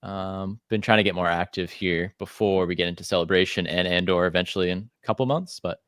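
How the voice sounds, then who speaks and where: A man's voice: sits low, fairly quick, fairly bright tone, no echo, studio quality. A man hosting a livestreamed podcast, chatting casually in an easygoing, rambling way. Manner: easygoing, rambling, self-deprecating. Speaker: podcast host.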